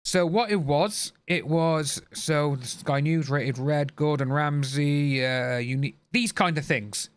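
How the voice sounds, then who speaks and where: A man's voice: on the high side, takes it slowly, hardly any pauses, clean tone. A man chatting casually to his livestream viewers, blunt and ranting, swearing freely. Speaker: livestream host.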